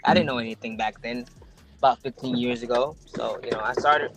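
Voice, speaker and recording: A man's voice: mid-range voice, fairly even intonation, a little fast, heavy background noise. A sick middle-aged man, a dog breeder guest, chatting casually and rambling with many fillers. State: sick, chewing a lozenge. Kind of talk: casual podcast chat.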